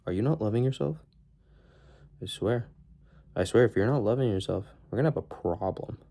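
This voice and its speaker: Low-voiced man rambling in a vlog. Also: a little fast, vocal fry, warm tone. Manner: rambling, joking, self-motivating. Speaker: vlogger. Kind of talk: casual self-talk vlog.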